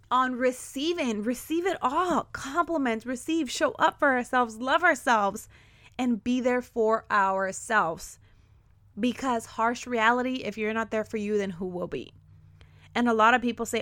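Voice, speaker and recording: Energetic woman podcast host, dry close sound. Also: a little high, normal speed, dry recording. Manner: energetic, enthusiastic, emphatic repetition. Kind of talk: motivational podcast monologue.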